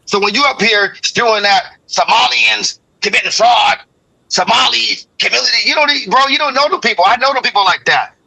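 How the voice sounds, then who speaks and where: A man's voice: very high voice, a little fast, gravelly, bright, forceful tone, breathy edge, low-quality recording. A man arguing heatedly in a live stream debate, confrontational and profane, repeating himself. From Oregon, USA. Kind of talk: heated argument.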